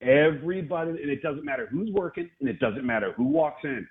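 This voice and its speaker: A man's voice: fairly high pitch, very animated, moderate pace, gravelly, few pauses. A man calling in as a college football analyst, telling stories casually and repeating himself for emphasis. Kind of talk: casual radio chat. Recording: phone-line guest call.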